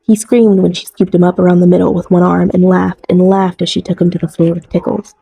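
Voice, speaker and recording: Give me a gravelly woman reading a novel, dry and close. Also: lowish voice, little pitch movement, brisk, dark tone, dry recording, rough recording. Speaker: audiobook narrator. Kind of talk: scripted narration.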